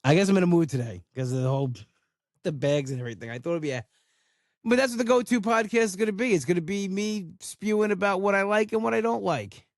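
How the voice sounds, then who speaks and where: A man's voice: high voice, quick pace, dry recording, studio quality. A man hosting a solo podcast, ranting in a blunt, casual way and swearing freely. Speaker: podcast host.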